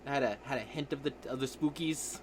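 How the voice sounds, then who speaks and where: A man's voice: medium pitch, a little hiss or hum. A young man hosting a casual gaming podcast, joking and teasing his friends as he talks. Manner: joking, animated, quick to tease. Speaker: podcast host.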